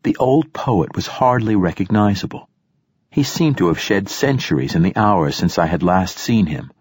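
Brief: male narrator, first-person novel, husky low tone, measured delivery. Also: lively intonation, a little mellow, dry recording. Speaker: audiobook narrator.

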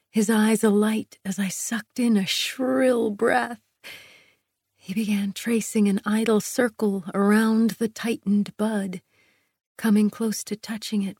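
A woman narrating a sensual first-person audiobook, soft and intimate, often near a whisper. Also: mid-range voice, slightly rough, dry recording, studio quality.

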